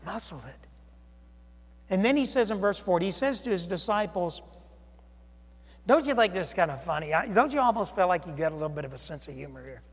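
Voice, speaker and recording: A man preaching a sermon in an animated way, swinging between loud outbursts and soft asides as he acts out the people in his story. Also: sits high, fast talker, husky, big-room sound.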